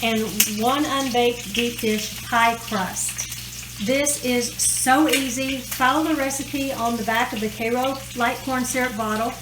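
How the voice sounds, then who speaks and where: A woman hosting a casual cooking tutorial in her home kitchen, in a chatty, homey way with folksy phrasing. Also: high-pitched. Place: home kitchen, food sizzling. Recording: echoey kitchen with cooking noise.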